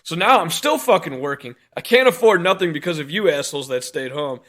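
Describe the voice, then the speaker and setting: Bright-voiced man ranting, swearing hard. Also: fairly high pitch. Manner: angry, swearing, laughing between bursts. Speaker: podcast co-host. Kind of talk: profane rant on a podcast.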